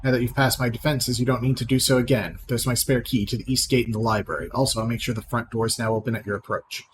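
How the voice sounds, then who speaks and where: A man reading out the lines of a proud, scornful female sorceress in a video game, plainly and with small slips, over clear background noise. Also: mid-range voice, steady tone, fast, close to an everyday voice, low-quality recording.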